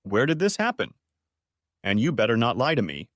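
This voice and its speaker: A domineering middle-aged father who roars and interrogates, as a male narrator puts him on. His voice is raised and lively, swinging up and down, and it sounds close and dry. It is an audiobook reading. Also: medium pitch, moderate pace, dry recording. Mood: interrogating. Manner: roaring and demanding.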